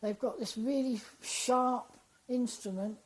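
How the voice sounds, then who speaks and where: A woman, an interview guest, telling a personal story in a lively, animated way and acting out the dialogue she quotes. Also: a little high, slow, rough recording.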